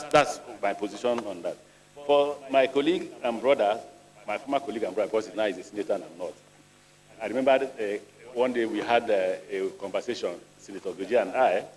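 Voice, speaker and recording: A man's voice: on the low side, brisk. A middle-aged Nigerian man, a ministerial nominee, answering senators' questions at a screening in an earnest, plain-spoken way, telling anecdotes as he goes. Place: large legislative chamber. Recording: reverberant hall.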